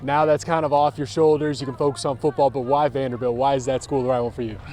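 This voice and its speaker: A man's voice: medium pitch, little pitch movement, fast, a little mellow. A man, a TV sports reporter, interviewing a player outdoors at a school field with friendly, joking questions.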